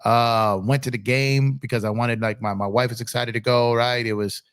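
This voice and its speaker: A man hosts a laid-back live-stream sports chat while getting over a cold, repeating himself as he reads messages from the chat. His mid-range voice is clear and resonant, with fairly even intonation and normal speed, captured dry in clean studio sound.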